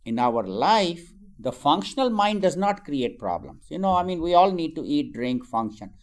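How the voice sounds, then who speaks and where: A man's voice: a little high, sing-song, moderate pace. A man teaching about the mind and meditation in a conversational way, often adding "you know" and acting out everyday remarks. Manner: conversational, frequent "you know" asides, acts out everyday quotes. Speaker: spiritual teacher.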